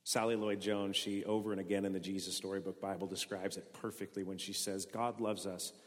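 Male pastor mid-sermon, a bit low-voiced, dynamic delivery from loud to hushed, long church-hall reverb. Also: fairly quick. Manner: animated, swings from loud bursts to soft intimate lines.

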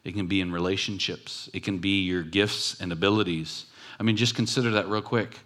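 A man's voice: low-pitched, fairly even intonation, fairly quick, fairly bright tone. A man who is a pastor, preaching a sermon in a conversational, emphatic way and repeating key phrases for weight. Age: adult with children.

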